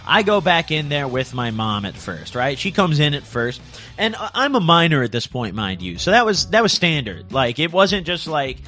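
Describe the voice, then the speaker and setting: A man's voice: a little high, sing-song, moderate pace, pushed and bright, faint music behind. A young man telling a comic story in a casual, slangy way, tagging lines with "bro" and "dude".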